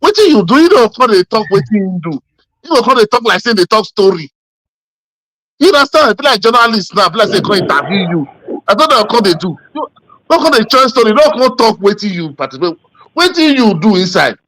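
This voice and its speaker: A man with a Nigerian accent, co-hosting a casual political chat and telling stories in a rambling, animated way full of fillers. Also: high voice, a little fast, dry recording. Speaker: podcast co-host.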